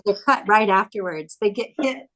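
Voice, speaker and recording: A woman film director speaking as an interview guest, recounting stories from a shoot in a casual, chatty way. Her voice sits at a mid pitch. She livens up her stories by acting out what others said. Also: normal speed, a little hiss or hum, low-quality recording. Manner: animated, acts out quoted dialogue.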